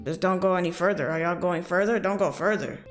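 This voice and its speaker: A woman's voice: fairly low pitch, fast, soft background music. A young woman hosting a movie reaction, chatting casually and exclaiming emotionally.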